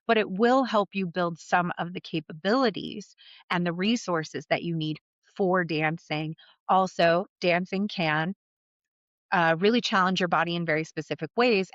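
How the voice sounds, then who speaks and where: A woman's voice: on the low side, fairly bright tone, no room sound. A woman podcast host and life coach talking through a solo episode in a candid, conversational way, blunt and willing to swear. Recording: dull, slightly muffled dry recording.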